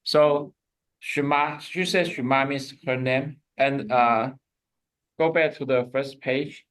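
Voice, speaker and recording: A man's voice: mid-range voice, a bit bright. A man teaching a Hebrew lesson, repeating words and stopping to explain. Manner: slow, repeats words, pauses a recording to explain. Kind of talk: classroom lesson.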